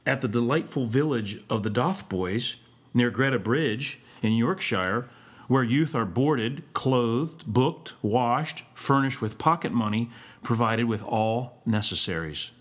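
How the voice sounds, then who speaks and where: A man's voice: mid-range voice, animated, slow. A man doing a cruel blustering schoolmaster. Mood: oily. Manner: blustering and snarling, then oily and sweet. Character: cruel two-faced male schoolmaster, bullying.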